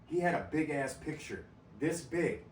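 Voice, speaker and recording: A podcast host with a fairly high, expressive voice swaps profane stories in casual chat, laughing often at a normal speed. He's recorded off-mic from a distance, so there's roomy echo and faint ambience.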